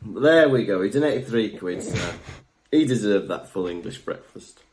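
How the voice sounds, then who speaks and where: Lively, rambling young man co-host. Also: on the low side, normal speed, slight background noise. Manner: jokey, rambling, lively storytelling. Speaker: podcast co-host. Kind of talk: casual chat.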